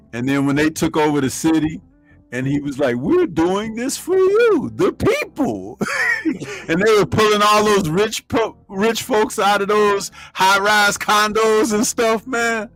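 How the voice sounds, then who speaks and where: Slow-talking high-voiced man chatting films. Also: faint music behind. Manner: animated retelling with laughs. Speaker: podcast co-host. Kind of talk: casual film chat.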